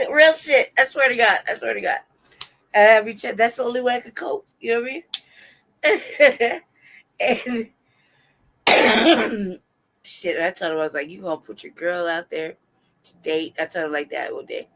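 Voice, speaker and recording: A woman's voice: fairly high pitch, unhurried, pauses often, fairly bright tone, a little hiss or hum, low-quality recording. A woman hosting a live stream, telling candid personal stories in casual chat. She swears freely, laughs often and acts out what she and others said.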